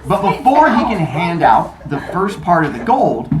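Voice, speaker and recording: A man improvises a playful story for children, his narration lively and animated. He sounds set back from the mic in an echoey room. A faint noise hangs behind him. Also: on the high side, unhurried.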